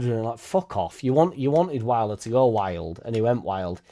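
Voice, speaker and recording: A man's voice: medium pitch, fairly quick, hardly any pauses. Sweary man ranting. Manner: sweary, blunt, animated ranting with mocking put-on voices. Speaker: football fan channel host. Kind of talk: casual ranting monologue.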